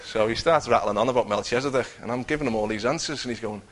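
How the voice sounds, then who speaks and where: A man's voice: medium pitch, fast, fairly bright tone. A man giving an earnest personal testimony, telling his story with many restarts. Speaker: testifying believer.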